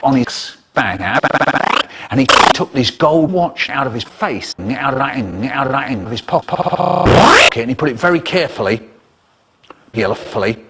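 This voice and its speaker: A man telling a children's story in a lively, expressive way, with spoken sound effects and stuttering repeats from a chopped-up comedy remix. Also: medium pitch, normal speed, very noisy.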